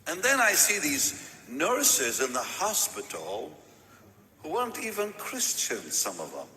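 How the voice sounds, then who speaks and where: A man preaching, telling a personal story with animated delivery, repeating words and laughing now and then. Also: fairly high pitch, unhurried, a little hiss or hum. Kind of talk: sermon storytelling. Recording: echoey hall with long reverb.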